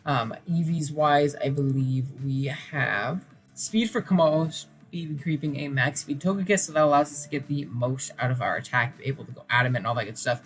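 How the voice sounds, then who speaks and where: A man's voice: medium pitch, normal speed. A tired man talking casually about his game plan late at night, mumbling and rambling with lots of fillers. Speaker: competitive player and channel host. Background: faint background music.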